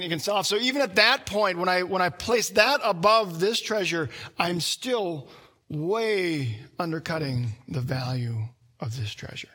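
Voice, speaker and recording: A man preaching a sermon in an animated, conversational way, often acting out quoted voices and restarting phrases. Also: high voice. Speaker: pastor.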